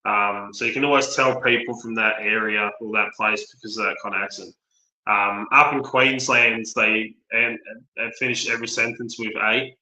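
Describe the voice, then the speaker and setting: A man's voice: on the low side, steady tone, normal speed, sharp tone. A man from Australia with an Australian accent, chatting casually on a livestream with lots of ums. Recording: echoey room.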